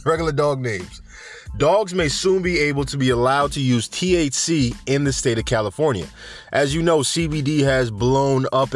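A man from Jamaica hosting a casual cannabis news podcast, rambling and joking with slangy asides. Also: mid-range voice. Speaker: podcast host.

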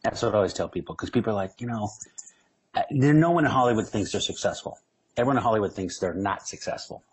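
Husky-voiced joking man telling stories. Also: fairly low pitch, fast talker, rough recording. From San Diego, California. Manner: animated, jokey, rambling with restarts. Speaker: guest comedian. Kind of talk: casual interview storytelling.

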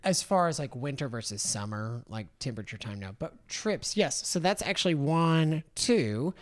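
A woman injector hosting a casual chat, asking and answering questions about treatments in a brisk way. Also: sits low, lively intonation.

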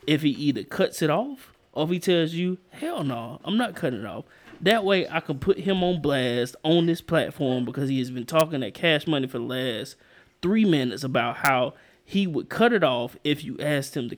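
A man's voice: a little high, moderate pace. A man hosting a podcast in casual chat, playfully pressing his point with a preacher-like urging cadence. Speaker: podcast host.

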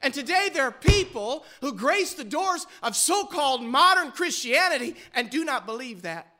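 A man's voice: very high voice, very animated, moderate pace, bright, forceful tone. A male pastor preaching a sermon with fervor, pressing his listeners with rhetorical questions.

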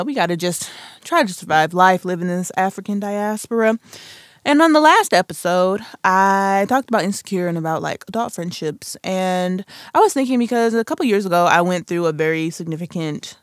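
A woman in her twenties hosts a solo podcast, chatting casually and playfully with self-mocking asides. Her voice is medium-pitched, and the studio-quality recording has no echo.

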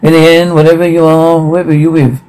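A man's voice: on the high side, flat delivery, a little fast, a little mellow, lightly acted. An actor playing a blunt, stubborn father in a TV drama, talking coarsely and swearing freely. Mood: gruff. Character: gruff blunt middle-aged father, stubborn and proud. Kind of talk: TV drama acting.

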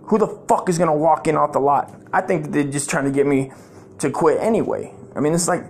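A man's voice: fairly high pitch, brisk, breathy edge. A middle-aged man, telling a rambling, profane comic story. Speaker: comedic storyteller.

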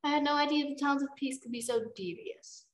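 A woman's voice: high-pitched, fast, echoey room, voice pushed up, natural voice. A woman voicing a scheming female dragon princess, talking in a silky, dry, menacing way as she reads a storybook aloud. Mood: sly menace.

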